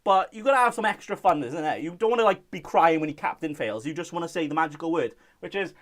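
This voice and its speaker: A man's voice: on the high side, expressive, fast talker, a bit bright. A young man from Wales, hosting a casual live-stream chat and reading out viewer messages in a jokey way.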